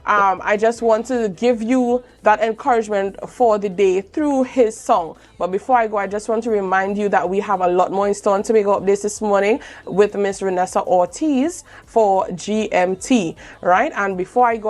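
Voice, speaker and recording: A woman's voice: mid-range voice, moderate pace, few pauses, darkish tone. A woman hosting a morning show, interviewing a guest with encouraging, affirming remarks. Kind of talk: casual interview chat.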